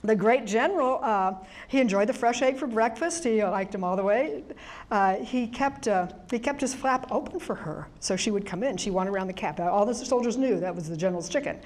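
Woman, middle-aged, lively anecdotal presenter, casual restarts. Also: mid-range voice, brisk. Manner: chatty, animated storyteller with many restarts and laughs. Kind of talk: conference presentation storytelling. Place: presentation room with audience.

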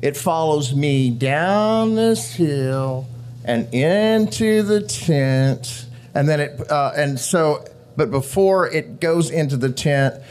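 Male actor guest, high pitch, animated raconteur, laughs through his anecdotes at a live event. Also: slow pace, slight background noise. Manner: animated, laughing, acts out quotes. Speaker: actor guest telling set stories. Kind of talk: live storytelling to an audience. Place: live show venue with audience.

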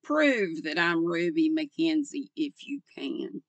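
Granny reading a calm sly young woman, faint amusement, slow, a bit gravelly. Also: deep voice, no room sound, muffled recording, exaggerated voice. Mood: challenging. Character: cool, composed young woman housekeeper.

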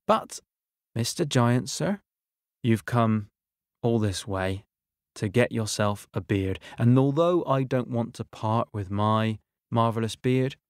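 Man doing kindly old storybook king, calm, measured, low voice. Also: no room sound, studio quality.

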